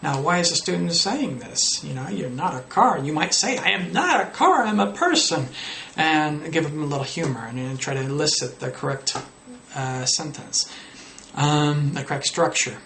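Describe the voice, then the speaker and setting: A man's voice: normal speed, vocal fry, a bit bright. A man who teaches English, giving casual tips to the camera and playfully acting out students' errors. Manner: explains casually, acts out student errors with pitch jumps. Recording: roomy echo with faint noise.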